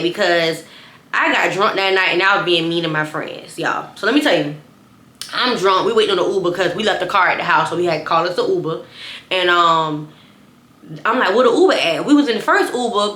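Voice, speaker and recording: Speaking to her audience in a casual storytime, a young woman vlogger uses a bright, forward voice of medium pitch. She repeatedly calls out to viewers and revisits her own wording, all in a room with noticeable echo.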